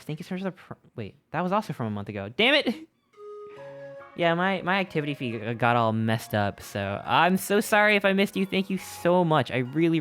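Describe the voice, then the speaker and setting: Young streamer hyped up reading chat, mid pitch, bit of music under it. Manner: upbeat, excitable, reads chat aloud. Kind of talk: casual chat with live chat.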